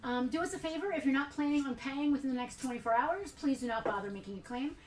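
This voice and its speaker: A woman's voice: sits high, quick pace, far from the mic. A woman co-hosting a live sale stream in a casual, rambling way, with many fillers. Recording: roomy, from off the mic.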